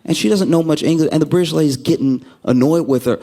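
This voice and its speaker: A man doing a stand-up comedy set, telling stories with lively delivery and acting out the people he quotes. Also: brisk, few pauses. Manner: animated storytelling, acts out quoted people with sudden pitch jumps.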